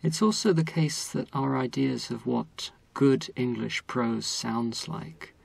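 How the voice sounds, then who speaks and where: A man who teaches English literature at a university, explaining things in a measured, lecturing way during an interview. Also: medium pitch, gravelly, husky, no echo. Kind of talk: interview conversation.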